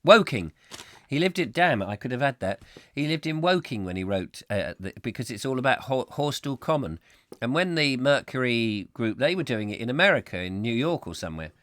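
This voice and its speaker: A man's voice: mid-range voice, very animated, fairly quick, a bit bright, dry recording. Playful rambling male host. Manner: rambling, playful, self-mocking, hums tunes. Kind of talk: live comic chat show, reading viewer comments.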